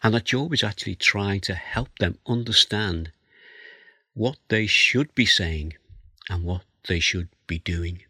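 Husky deep-voiced man preaching. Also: measured pace, sharp tone, dry recording. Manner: expository, reads scripture aloud. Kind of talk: sermon.

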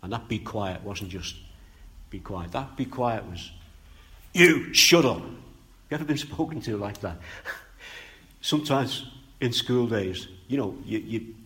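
A man delivering a sermon in a somewhat low voice. He leans hard into emphatic, louder bursts, then pulls back to low, quiet asides. Key phrases come out slow and drawn out. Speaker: preacher.

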